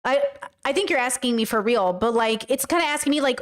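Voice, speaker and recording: A woman's voice: high-pitched, quick pace. A woman hosting a reaction commentary, talking to her chat in a heated, profane rant. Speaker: commentary host.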